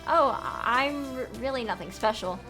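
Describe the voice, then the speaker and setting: A woman's voice: a little high, expressive, normal speed, close to an everyday voice. Woman doing a stammering, shy lizard scientist. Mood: timid. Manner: stuttering, hesitant, apologetic. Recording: music playing underneath. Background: background music.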